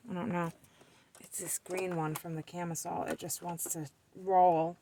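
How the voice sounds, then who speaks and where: Gravelly-voiced woman chatting while sewing. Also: on the low side, level tone, moderate pace, noisy background. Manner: talks to herself and the fabric while sewing, playful scolding. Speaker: DIY sewing tutorial host. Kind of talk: casual chatty sewing commentary.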